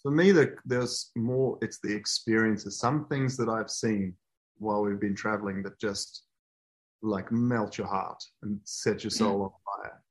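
A man guest telling lively stories in a casual podcast chat, swearing freely and acting out scenes. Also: on the low side, unhurried. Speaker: guest, author and fitness program creator.

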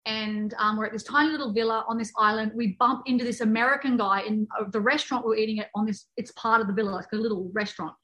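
A woman's voice: on the high side, steady tone, fairly bright tone, low-quality recording. Chatty woman telling travel stories. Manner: chatty, laughs easily, quick asides. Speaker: guest, author and fitness program creator. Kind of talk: casual storytelling in a podcast chat.

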